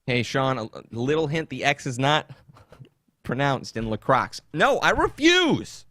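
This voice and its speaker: A man's voice: mid-range voice, measured pace, a bit bright, no echo, clean studio sound. A man hosting a podcast in a casual comedic rant, mocking and laughing often as he jumps between topics. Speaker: podcast host.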